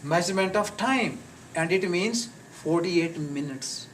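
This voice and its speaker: A man teaching a live class on pronunciation, slowly repeating words and sounds for his students. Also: high-pitched, expressive. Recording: distant mic with faint noise.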